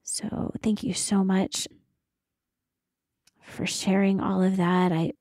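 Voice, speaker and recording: A woman's voice: medium pitch, flat delivery, slow, a little mellow, dry recording. A woman on a podcast reacts thoughtfully, affirming what she heard and feeling her way toward her point. Her voice sits mid-range. The recording is close and dry. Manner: thoughtful, affirming, searching for words. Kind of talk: conversational podcast talk.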